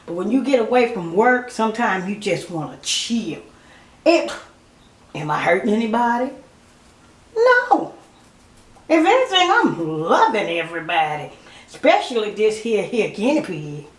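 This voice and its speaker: A woman's voice: mid-range voice, sing-song, unhurried, long pauses, echoey room. A woman in her fifties chatting casually to her viewers, laughing often and calling them y'all. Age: 50s. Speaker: vlogger. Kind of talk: casual chat to camera.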